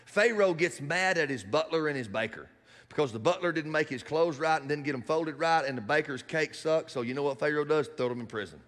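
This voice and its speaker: A man preaching a sermon in a church hall, animated and building to shouts. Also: a little high, fairly quick.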